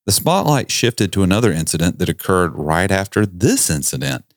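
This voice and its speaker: A man with a low voice and a lot of swing in his pitch hosts a casual podcast. He tells stories in a folksy, jokey way. The recording is dry and close to the mic. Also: very animated, moderate pace, no room sound. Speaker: podcast host. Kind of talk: casual storytelling chat.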